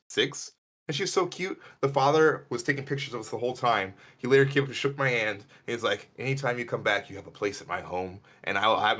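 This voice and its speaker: A man from Illinois co-hosting a podcast, telling rambling stories and acting out other people's lines in a higher voice. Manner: animated, rambling, acts out quotes in a higher voice. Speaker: podcast co-host. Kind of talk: casual storytelling chat.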